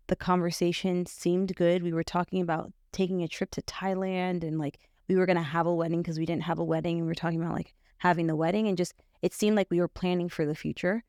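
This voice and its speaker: Low gravelly woman, halting testimony. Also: a little mellow, no echo, studio quality. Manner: halting, full of fillers and restarts. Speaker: podcast guest. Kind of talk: personal testimony in conversation.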